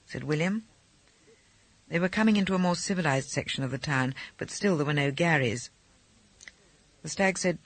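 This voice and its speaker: Male audiobook narrator, expressive, fairly high voice, dry close sound. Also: normal speed, long pauses, dry recording. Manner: lively expressive reading. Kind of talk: scripted narration.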